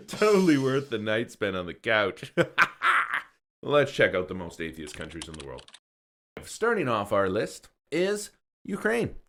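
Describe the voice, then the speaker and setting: A man in his thirties hosts a ranked countdown with a jokey, playful delivery. His pitch swings up and down a lot as he tosses in quick asides between facts. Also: a bit bright. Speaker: host. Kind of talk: joking countdown narration.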